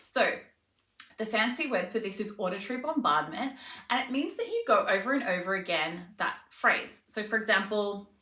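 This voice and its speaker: A woman's voice: mid-range voice, lively intonation, normal speed, pushed and bright, far from the mic. A woman speech pathologist, explaining tips to parents in a friendly way. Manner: friendly explaining, switches to sing-song play voice for demos. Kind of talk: parent tips video with demonstrations. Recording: echoey room, voice a bit off-mic.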